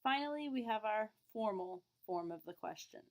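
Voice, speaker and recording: A woman's voice: medium pitch, expressive, normal speed. Woman teaching a French lesson. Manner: clear, patient explaining, exaggerated question intonation in examples. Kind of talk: classroom lesson.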